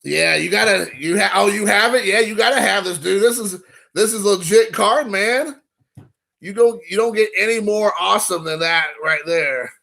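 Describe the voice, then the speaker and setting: Casting: rambling, excitable male streamer, gravelly edge, bright tone, chatting to viewers. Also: high-pitched, moderate pace. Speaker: card collecting channel host. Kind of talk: casual live stream chat.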